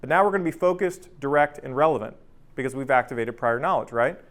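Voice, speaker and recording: Talking fast in a mid-range voice, a man in his thirties leads a casual workplace training session. His workshop style is conversational, full of "right?" check-ins and energetically acted-out anecdotes.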